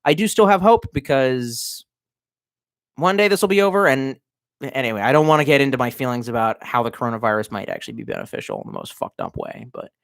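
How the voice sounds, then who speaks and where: A man's voice: medium pitch, huge pitch swings, quick pace, vocal fry, fairly bright tone, dry recording, studio quality. A man in his thirties, a bit drunk, ranting on a livestream from his cramped bedroom in a rambling, profane, sardonic way. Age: 30s. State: tipsy. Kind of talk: casual livestream rant.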